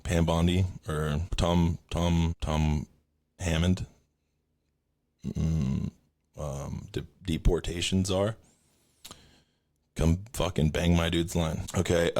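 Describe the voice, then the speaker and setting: A young man rants through a profane story on his podcast. His usual voice sits fairly low, but he keeps leaping up high to replay his own lines. The delivery is loose and animated, full of restarts and asides. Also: slow pace, pauses often. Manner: profane, animated storytelling, jumps high when quoting himself. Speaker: podcast host. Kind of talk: casual rant.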